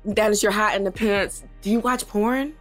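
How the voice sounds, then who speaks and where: A woman co-hosting a casual chat, teasing her friends with quick, playful interjections. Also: mid-range voice, steady tone, faint music behind. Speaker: co-host.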